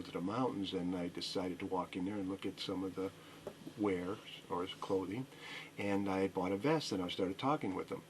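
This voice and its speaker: A man's voice: sits low, a little hiss or hum. A middle-aged man who owns a record store, a radio interview guest telling a rambling story full of fillers and restarts.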